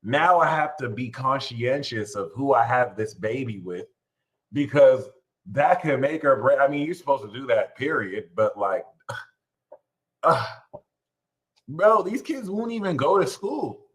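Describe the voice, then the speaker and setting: A man hosting an astrology show, ranting casually and animatedly, swearing and jumping into high mocking voices when quoting others. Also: lively intonation, unhurried, rough recording. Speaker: astrology channel host. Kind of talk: casual livestream rant.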